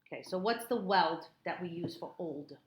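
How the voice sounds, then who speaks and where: A woman tutoring a child in phonics one-on-one, patient and encouraging, repeating words slowly in a classroom. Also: fairly low pitch, expressive. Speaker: reading tutor. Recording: echoey room, faint noise.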